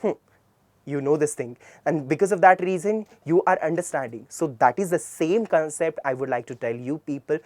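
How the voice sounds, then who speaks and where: Earnest Indian English tutor, dry sound. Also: male voice, on the high side, no room sound. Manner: earnest, repeats rhetorical questions and answers them himself. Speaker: communication skills trainer. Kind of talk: classroom-style tutorial lecture.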